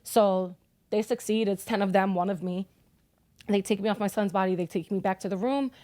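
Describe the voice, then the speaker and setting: A woman's voice: mid-range voice, fairly even intonation, normal speed, mellow, dry recording. Raw-voiced grieving young mother, dry sound. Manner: raw, blunt, swears often. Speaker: grieving mother as podcast guest. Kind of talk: emotional personal storytelling.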